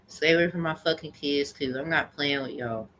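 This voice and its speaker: A woman's voice: sits low, fairly bright tone. A woman telling a rambling, profane story in a heated personal rant to camera. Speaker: vlogger.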